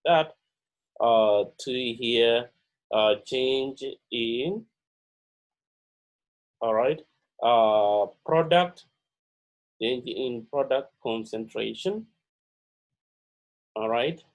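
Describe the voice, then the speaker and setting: Guy teaching a chem pre-lab lecture, slow and halting, lots of uh's, says stuff twice, mid-pitch voice. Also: low-quality recording. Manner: slow, halting delivery with many "uh" and "all right" fillers; repeats key words for emphasis. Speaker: chemistry lab instructor.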